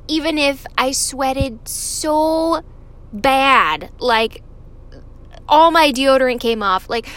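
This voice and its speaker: A woman's voice: a little high, fairly bright tone. A woman in her thirties from California, telling a personal story to viewers in a chatty way, swearing freely and laughing often.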